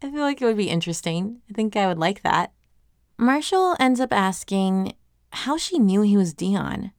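A woman chatting casually through a recap of a webcomic episode, enthusiastic and quick to laugh. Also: mid-range voice, animated, no echo, studio quality.

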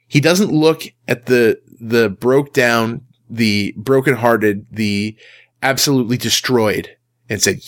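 A man giving a casual sermon in a conversational, emphatic way, acting out the quotes he tells. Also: mid-range voice. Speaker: Christian speaker.

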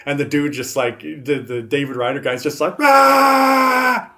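A man's voice: medium pitch, fairly even intonation, fairly quick. A man co-hosting a casual chat about bad movies, rambling, swearing freely and acting out scenes as he tells them. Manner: rambling, profane, acts out scenes.

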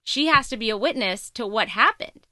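A woman co-hosting a podcast, recapping a TV episode in casual, emphatic, animated storytelling. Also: on the high side, moderate pace, no echo, studio quality. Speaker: podcast co-host.

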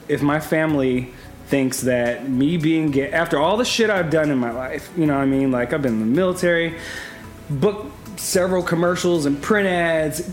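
A man in his thirties, a podcast guest, talking candidly and laughing often, swearing freely. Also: on the high side. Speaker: podcast guest, former reality show contestant. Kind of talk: casual chat.

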